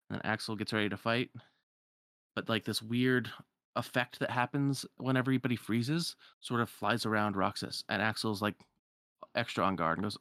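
A man's voice: medium pitch, fairly even intonation, moderate pace, a bit bright, dry recording, studio quality. A man casually retelling a video game's story in a loose, filler-heavy way, briefly putting on voices for the characters. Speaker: game recapper. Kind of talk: casual video game recap.

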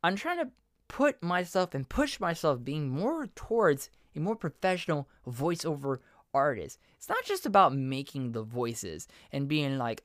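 This is a casual solo podcast monologue from a podcast host and voiceover artist, who talks earnestly and rambles, fixing his own sentences partway through. He sounds very animated and a bit bright, with a slightly high voice at a measured pace. There's no echo, and the studio sound is clean.

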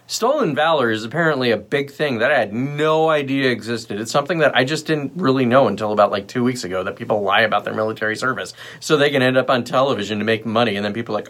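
A man's voice: medium pitch, fairly quick, fairly bright tone. A man hosting a solo livestream, talking in a blunt, rambling and sarcastic way. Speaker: livestream host. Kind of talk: casual solo livestream talk.

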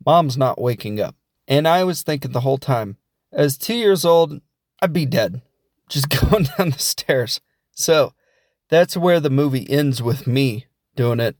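A man's voice: on the high side, animated, a little slow, darkish tone, dry recording, clean studio sound. A man casually recapping a film he watched, rambling and jokey with lots of asides. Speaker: film reviewer.

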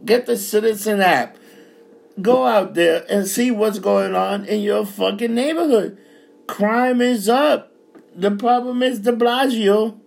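Gravelly man in a furious profane rant. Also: very high-pitched.

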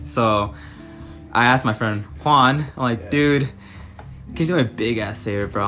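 A man's voice: medium pitch, normal speed, faint music behind. Swearing, laughing young man telling a story. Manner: animated, laughing, swears often. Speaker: storyteller on a podcast. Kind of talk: casual profane storytelling among friends.

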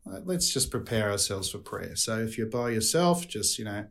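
A man's voice: fairly low pitch, sing-song, moderate pace, creaky, noisy background. Australian priest addressing his friends. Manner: earnest, addresses listeners as friends. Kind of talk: podcast guest chat and closing prayer.

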